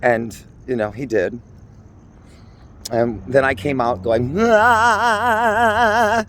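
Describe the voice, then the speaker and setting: A man's voice: mid-range voice, fairly even intonation, slow, slight background noise. A man in his forties from Minnesota, doing a theatrical, rambling improvised comedy monologue while walking outdoors on city streets. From Minnesota, USA. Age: 40s. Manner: theatrical, campy, rambling jokes. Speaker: vlogger.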